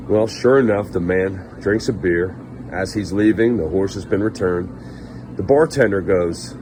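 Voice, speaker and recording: A man's voice: sits low, normal speed, noisy background. A man telling a string of bar jokes in a storytelling way, voicing the characters a little. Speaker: joke teller.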